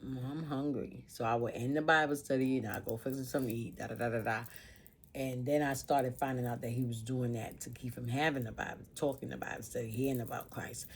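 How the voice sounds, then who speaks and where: A woman's voice: very deep voice, a little hiss or hum. A woman vlogger telling a personal story in an emotional monologue, earnest and informal, piling up repeated phrases.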